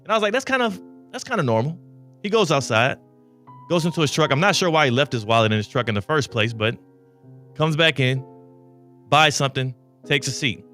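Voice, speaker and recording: A man hosting a talk radio show, telling a long story with lively, animated delivery. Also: medium pitch, a little fast, pauses often, soft background music. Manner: lively anecdotal telling with bursts of laughter. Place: radio studio.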